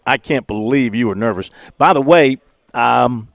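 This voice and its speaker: A man's voice: medium pitch, vocal fry, dry recording. Male sports radio host, conversational, dry close sound. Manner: conversational, reads results with pauses. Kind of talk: radio talk show hosting.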